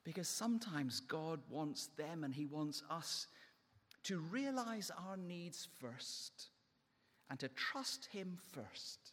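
A man's voice: a little high, lively intonation, takes it slowly, fairly bright tone, big-room sound. A man preaching a sermon in an emphatic delivery that rises and falls. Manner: emphatic, rising and falling delivery.

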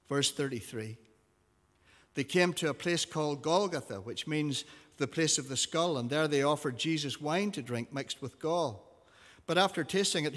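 A man's voice: a little high, a bit bright. A man reading scripture aloud to a class, giving the quoted lines expression. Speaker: teacher. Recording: long reverb of a hall.

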